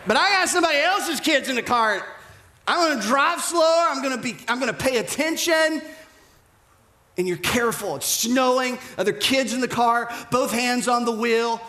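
A man preaching a sermon as pastor, animated, dropping to hushed whispers and rising to shouted emphasis. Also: extremely high pitch, normal speed, reverberant.

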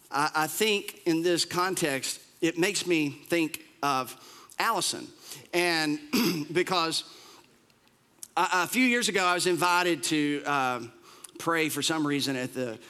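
A male pastor preaching a sermon in an animated, conversational way, with humorous asides. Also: fairly high pitch.

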